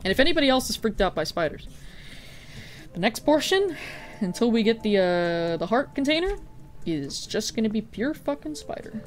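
A man's voice: sits high, big pitch swings, moderate pace, soft background music. Rambling, laughing game streamer, a man. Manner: rambling, many "like" fillers, frequent swearing, laughs easily. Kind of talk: casual gameplay commentary, chatting with viewers.

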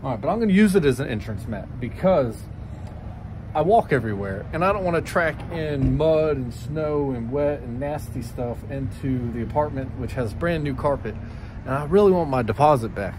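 A man's voice: mid-range voice, expressive, moderate pace. Rambling joking guy vlogging around town, voice bouncing all over, bit of street noise behind. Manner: rambling, self-mocking, chatty. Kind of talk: casual vlog chat. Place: out and about in a town in winter.

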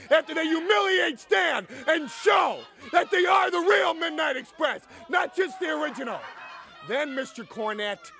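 A man's voice: very high-pitched, vocal fry, sharp tone. A young man, a wrestling manager, cutting a heated, sarcastic promo full of taunts.

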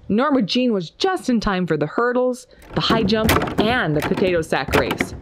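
A woman reading a children's picture book aloud with an expressive, lilting storybook delivery. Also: medium pitch, measured pace, hardly any pauses, a little hiss or hum.

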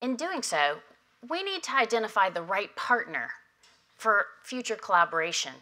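A woman delivering prepared opening remarks at a conference, measured and emphatic, at a podium microphone. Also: medium pitch, big pitch swings, sharp tone. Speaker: industry association head giving opening remarks. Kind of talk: prepared keynote speech. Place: conference hall.

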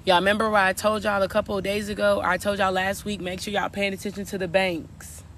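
A man's voice: high-pitched, flat delivery, fairly quick, a bit bright, a little hiss or hum. A man working as a spiritual coach, giving a casual, preachy reading to viewers and repeating his points. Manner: preachy, repetitive, addresses viewers as y'all.

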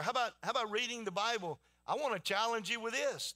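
A man's voice: very high voice, quick pace, bright, forceful tone. A man preaching a sermon in a folksy storytelling way, with many restarts. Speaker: pastor.

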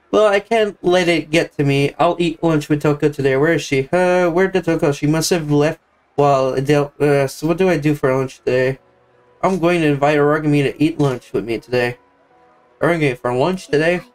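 A young man reading a visual novel's dialogue aloud for the characters, with joking asides of his own. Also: a little high. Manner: plays each character in quick shifts of voice, joking asides. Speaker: gameplay narrator.

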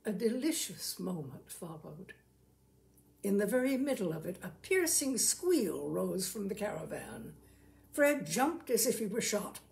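A woman storyteller reads fiction aloud slowly and deliberately, her medium-pitched voice very animated, creaky, and slightly mellow. She raises her voice for the quoted lines, acting out the dialogue in an unhurried literary reading.

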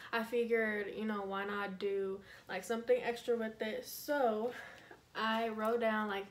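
A young woman, chatting casually and relaxed on her vlog, with lots of fillers. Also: medium pitch, measured pace, rough recording. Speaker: YouTuber. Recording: music playing behind the voice.

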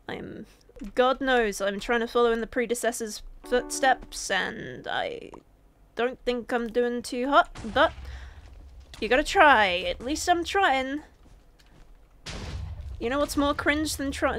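High-voiced young woman rambling through gameplay. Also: fairly bright tone, a little hiss or hum. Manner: rambling, comically dramatic and self-mocking. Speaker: gaming YouTuber. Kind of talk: casual gameplay commentary.

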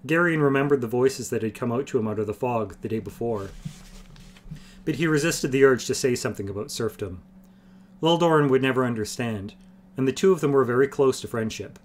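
A man reading a fantasy novel aloud on a stream, in a steady, measured storytelling voice. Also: medium pitch, slight background noise. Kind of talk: audiobook-style narration.

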